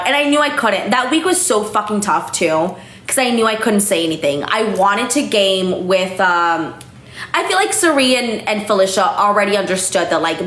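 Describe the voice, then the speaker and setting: A woman's voice: mid-range voice, fairly bright tone. Chatty young woman, tipsy, echoey room. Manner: chatty, lots of "like", swears freely. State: a little tipsy. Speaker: livestream host. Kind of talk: casual live-stream chat. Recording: echoey room, faint noise.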